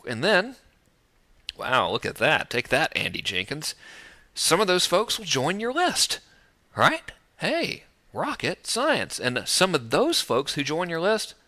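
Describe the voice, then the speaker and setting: A man's voice: on the high side, unhurried. A man teaching online marketing in a casual direct-to-camera talk, joking and breezy, recorded outdoors. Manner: joking, breezy and animated, with playful sound effects. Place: outdoors overlooking the ocean.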